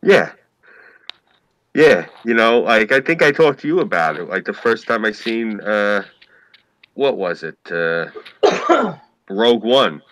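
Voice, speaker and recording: Man, New York accent, casual talk, rambling, emphatic, swears a lot, bright edge, lowish voice. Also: big pitch swings, slow pace, long pauses, no room sound, rough recording. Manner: rambling, emphatic, profane, heavy use of "like". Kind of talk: casual chat.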